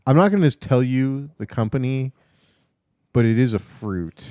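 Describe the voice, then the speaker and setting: A man's voice: medium pitch, lively intonation, normal speed, dark tone, dry recording, studio quality. A man co-hosting a podcast, telling stories in crude, casual banter and laughing often. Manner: storytelling, profane, laughs often. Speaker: podcast co-host.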